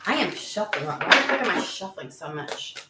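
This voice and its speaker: A woman giving a casual tarot reading to her viewers, chatty and excitable, swearing freely and talking through plenty of fillers. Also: mid-range voice, normal speed, roomy sound, very noisy. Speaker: tarot reader.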